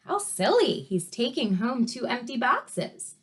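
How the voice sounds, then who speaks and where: A woman teacher reading a storybook to children, pausing to ask questions and explain words. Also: on the high side, sing-song, breathy edge. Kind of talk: read-aloud story lesson for children.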